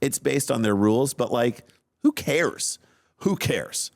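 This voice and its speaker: A man co-hosting a podcast, telling a story in a casual, animated, self-mocking way. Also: mid-range voice, takes it slowly, creaky, no room sound. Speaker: podcast co-host.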